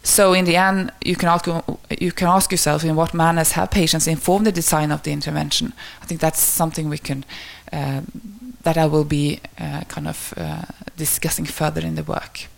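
A woman with a low, level voice presents academic research, her tone marked by noticeable gravelly fry. She's hesitant, pausing often with fillers and restarting sentences.

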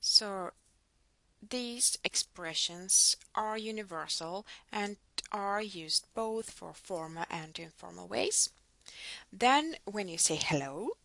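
A woman's voice: medium pitch, gravelly, fairly bright tone, dry recording. A woman teaching a language lesson, patiently modelling words for the listener to repeat. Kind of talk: slow instructional lesson.

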